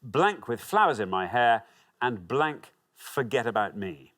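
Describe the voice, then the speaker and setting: A man's voice: medium pitch, very animated, a little slow, a bit bright. A man hosting a TV quiz show, reading clues and teasing contestants in a playful way. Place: TV studio.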